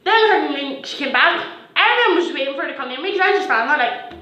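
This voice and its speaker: A woman's voice: sits high, quick pace, muffled recording. A teenage girl telling a storytime vlog, swearing a lot and acting out what people said. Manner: animated, swearing, acting out quotes in bursts. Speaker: vlogger. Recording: echoey room.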